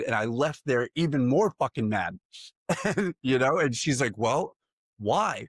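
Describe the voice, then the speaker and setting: A man's voice: mid-range voice, expressive, normal speed, fairly bright tone, no room sound, studio quality. A man telling a personal story in a casual podcast chat, candid and profane, laughing often. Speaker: podcast co-host.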